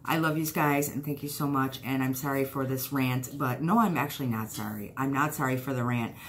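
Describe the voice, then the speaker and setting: A woman's voice: extremely low pitch, a little fast. A woman YouTuber giving a heated, blunt vlog rant, swearing and hammering points with repetition.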